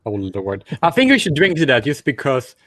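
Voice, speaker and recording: A man's voice: mid-range voice, wildly swooping pitch, normal speed, crowd noise. A man joking provocatively in a casual group chat.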